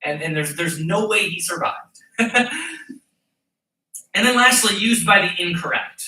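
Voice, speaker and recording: A man's voice: sits high, expressive, unhurried, pushed and bright, distant mic. A man preaching a sermon as pastor, emphatic and with a dramatic, mocking tone when quoting. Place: church sanctuary. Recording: echoey church hall, voice from off-mic.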